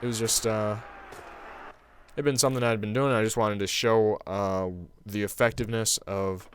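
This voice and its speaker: Rambling young man with a lowish voice. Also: fairly even intonation, normal speed, clean tone, no room sound. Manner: casual and meandering, heavy on fillers like "um" and "like". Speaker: gaming channel host. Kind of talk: rambling storytelling over gameplay commentary.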